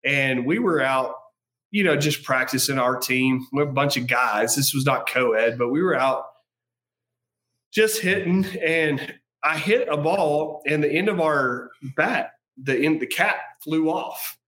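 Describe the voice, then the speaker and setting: Laughing, storytelling man with a higher voice. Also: a little slow, fairly bright tone. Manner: laughs often, repeats and restarts as he tells the story. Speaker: podcast guest. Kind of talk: casual storytelling.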